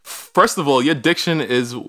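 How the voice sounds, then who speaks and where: A man's voice: on the high side, a little slow, sharp tone. A man co-hosting a podcast in casual chat, playful and laughing, swinging dramatically in tone. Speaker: podcast co-host.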